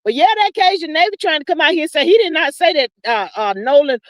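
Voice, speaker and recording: An older woman with a drawl chats to her livestream viewers in a high, lively voice. She is folksy and animated, calling everyone honey and child. The sound is close and dry, with no room around it. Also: fast, dry recording. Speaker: livestream host. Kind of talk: casual livestream chat.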